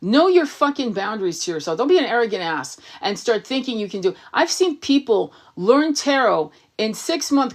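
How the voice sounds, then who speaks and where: A woman tarot reader and spiritual coach on a livestream, answering viewer comments bluntly, swearing often and firing off rhetorical questions. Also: a little high.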